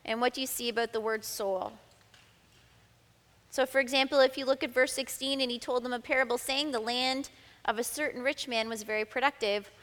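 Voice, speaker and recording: A woman's voice: sits high, fairly bright tone, long reverb tail. A woman leading a group Bible study, explaining each step and reading scripture aloud. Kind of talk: teaching a group study session.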